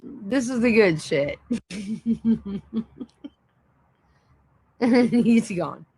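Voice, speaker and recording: A woman's voice: on the high side, lively intonation, takes it slowly, mellow, breathy edge, no room sound, low-quality recording. A woman hosting a casual livestream, swearing freely and laughing helplessly between lines. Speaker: livestream host. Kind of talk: casual live-stream chat.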